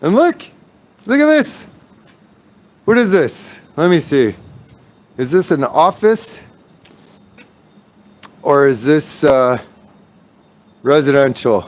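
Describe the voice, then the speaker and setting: A man's voice: a little high, big pitch swings, takes it slowly, long pauses. A man livestreaming as he walks outdoors downtown, ranting angrily and swearing. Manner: furious, profane ranting. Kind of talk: angry walking livestream.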